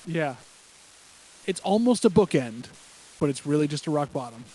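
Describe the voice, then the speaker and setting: A man's voice: on the high side, lively intonation, normal speed, warm tone. A man co-hosting a podcast, chatting casually and joking wryly while reacting live to a broadcast. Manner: wry, joking, tells anecdotes. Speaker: podcast co-host.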